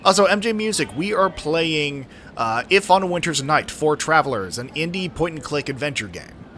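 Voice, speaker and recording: Brief: bright-toned male streamer, animated, wry and profane commentary. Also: a little high, normal speed, slight background noise. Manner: wry, profane, laughs often. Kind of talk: casual gaming commentary.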